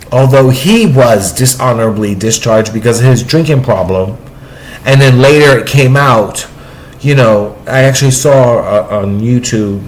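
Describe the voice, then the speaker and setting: A man speaking in a personal, confessional vlog, in a halting way with restarts and trailing asides. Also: mid-range voice, a little hiss or hum, rough recording. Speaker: vlogger.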